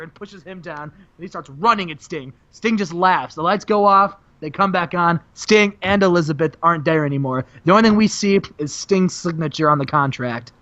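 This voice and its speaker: Man, high voice, lively storytelling, does character voices, muffled lo-fi audio. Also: normal speed, few pauses. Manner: acts out characters with big pitch jumps. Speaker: co-host booking a wrestling sim. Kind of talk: animated storytelling with acted quotes.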